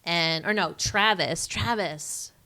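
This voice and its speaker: A woman's voice: fairly low pitch, takes it slowly, sharp tone. A young woman co-hosting a podcast in casual chat, playful and giggly, swearing offhandedly. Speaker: podcast co-host.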